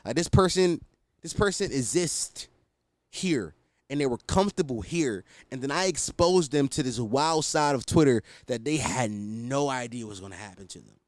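Young guy rambling on his podcast, cussing, kinda self-deprecating, mid-pitch, dead dry mic. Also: expressive, moderate pace, no echo. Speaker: podcast host. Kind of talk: casual solo podcast rant.

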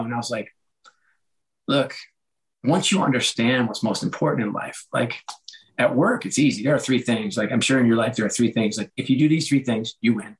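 A middle-aged man talking as a guest in a casual interview, telling animated stories and acting out quoted lines with a laugh. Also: mid-range voice, fairly quick. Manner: animated storyteller, acts out quoted dialogue with a laugh. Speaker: podcast guest, author and former sports executive.

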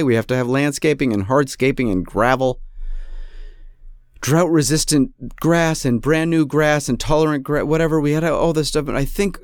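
A man's voice: medium pitch, a little mellow, no room sound, clean studio sound. A man hosting a podcast, telling a comic story in an exasperated, self-mocking rant. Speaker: podcast host. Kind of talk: casual comedic storytelling.

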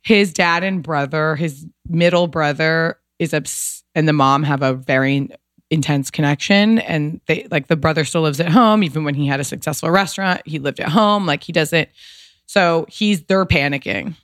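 On a podcast, a female guest in her thirties shares a personal story openly and emotionally, dropping casual swears and using "like" as filler. She speaks at normal speed in a deep voice, recorded dry with clean studio sound.

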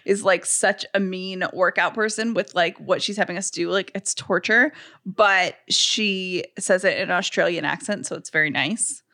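A woman's voice: lowish voice, normal speed, bright, forceful tone. A woman co-hosting a casual chat podcast, talking in a chatty, upbeat way with many fillers. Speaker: podcast co-host.

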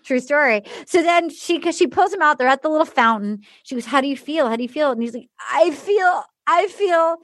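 A woman podcast host recapping a reality show in casual chat, animated and laughing as she acts out quotes. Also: high-pitched, quick pace, few pauses, no echo, clean studio sound.

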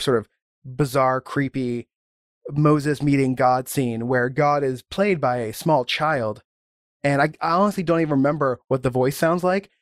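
A man's voice: mid-range voice, no room sound. Brief: an eager, rambling male guest talking casually, mid-range voice, dry mic. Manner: rambling, enthusiastic storytelling. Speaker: podcast guest. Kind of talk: casual chat.

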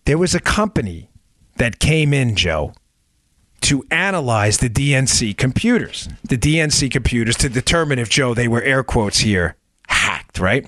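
A man with a mid-range, sing-song, slightly bright voice hosts a political podcast, recorded echo-free in studio quality at normal speed. In his commentary monologue he speaks emphatically and sarcastically, firing rhetorical questions at listeners.

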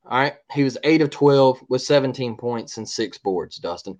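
A man's voice: mid-range voice, expressive, moderate pace, few pauses, dull audio. A man co-hosting a sports podcast, ranting in a heated, repetitive way and often asking "all right?". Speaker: podcast co-host.

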